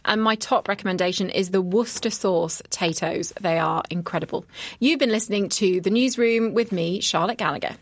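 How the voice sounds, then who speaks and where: Woman radio presenter, mid-pitched voice, dry close mic, light tone. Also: brisk, no echo. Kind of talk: scripted news presenting.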